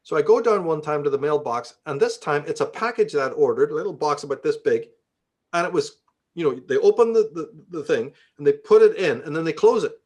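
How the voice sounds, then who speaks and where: A man's voice: on the high side, lively intonation, brisk, a little mellow. A man with a Belfast accent, a guest in an interview, telling stories with plenty of swearing and acting out the voices of the people in them. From Northern Ireland. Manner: profane, acts out quoted dialogue. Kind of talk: conversational storytelling.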